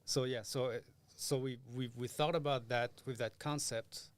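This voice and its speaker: Hesitant guitarist. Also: male voice, medium pitch, steady tone, normal speed. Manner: hesitant, searching for words, laughs often. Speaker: guitarist guest. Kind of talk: casual podcast interview.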